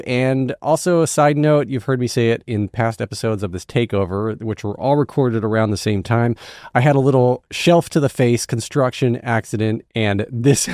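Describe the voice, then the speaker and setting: A man's voice: medium pitch, a little mellow, no room sound, studio quality. A man hosting a theatre podcast, chatting casually with a playful, self-deprecating manner. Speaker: podcast host. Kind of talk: casual interview chat.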